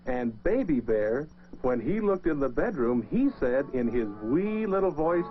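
A man's voice: fairly high pitch, big pitch swings, unhurried. Lilting male storyteller over music. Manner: gentle, lilting, addresses children. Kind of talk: scripted narration of a children's story. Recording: dull lo-fi record with music.

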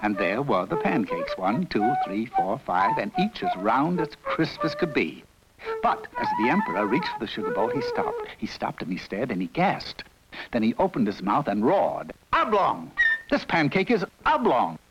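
A man narrating a children's storybook in a playful, expressive way. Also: medium pitch, moderate pace. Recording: dull lo-fi recording with loud music.

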